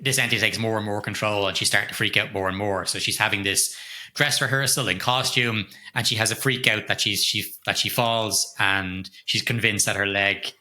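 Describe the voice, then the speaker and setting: A middle-aged man co-hosting a podcast, retelling a horror film's plot in an animated, casual way with plenty of swearing. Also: fairly low pitch, brisk. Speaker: podcast co-host. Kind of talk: casual film review chat.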